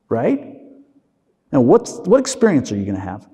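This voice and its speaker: A man's voice: medium pitch, wildly swooping pitch, warm tone, in a large hall. A man, a physician, giving a conversational lecture and checking in with his listeners with a frequent "okay?". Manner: acts out inner voices in quick asides.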